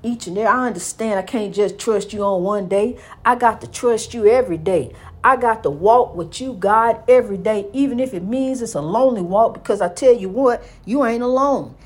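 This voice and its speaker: Speaking a little fast at a higher pitch, this woman hardly pauses at all. She preaches fervently and repetitively in an inspirational monologue, calling her listener "honey."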